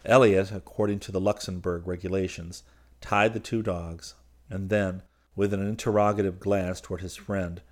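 A man reading a classic novel aloud in measured, even audiobook narration. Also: sits low.

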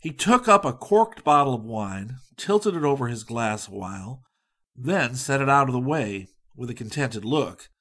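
A man reading a humorous travel story aloud in a measured, dry, wry storytelling manner. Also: mid-range voice, lively intonation, fairly bright tone. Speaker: audiobook narrator. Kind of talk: scripted narration.

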